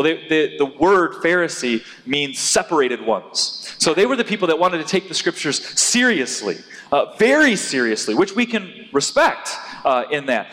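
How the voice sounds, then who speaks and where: Male pastor, fairly high voice, animated sermon delivery with loud emphatic peaks, big hall reverb.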